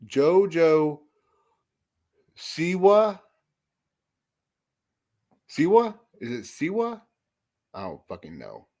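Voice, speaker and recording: A man's voice: fairly high pitch, wildly swooping pitch, very slow, long pauses, a little mellow. A young man hosting a casual live chat, rambling and cursing, self-deprecating about being unsure what to do. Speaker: livestream host. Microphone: phone or headset mic.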